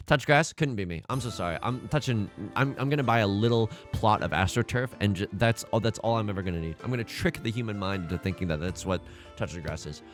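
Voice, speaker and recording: A man hosting a let's play, talking through his game in an exasperated, stammering, self-mocking way. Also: lowish voice. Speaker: gaming channel host.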